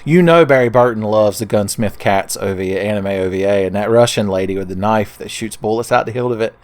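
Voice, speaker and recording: A young man with a lowish voice speaks a little fast while playing a video game, giving casual, jokey let's play commentary. Playful throughout, he keeps calling the viewer "son".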